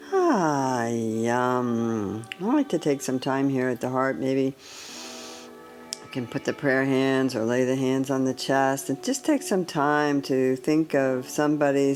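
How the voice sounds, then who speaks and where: A woman leading a guided chakra meditation in a calm, gentle way, often clearing her throat. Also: extremely low pitch. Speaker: meditation teacher.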